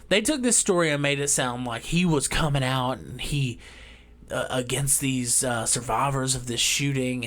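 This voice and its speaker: Man, vlogger, profane heated rant, loud bursts and mutters. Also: medium pitch. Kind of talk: ranting monologue.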